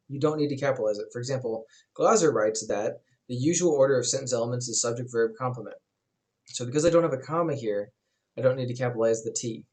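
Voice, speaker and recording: A man teaching a writing class in a relaxed, conversational way, with frequent fillers as he explains. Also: medium pitch. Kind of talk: recorded class lecture.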